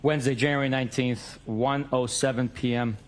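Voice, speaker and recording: A man's voice: mid-range voice, fairly even intonation, a little fast. A man in a courtroom reading out both sides of a text message exchange, stating the date and time of each message.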